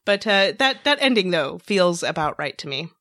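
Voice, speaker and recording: A woman's voice: fairly low pitch, very animated, normal speed, fairly bright tone, dry recording, clean studio sound. A woman co-hosting a casual podcast chat, talking hesitantly with stumbles and self-deprecating asides. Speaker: podcast co-host.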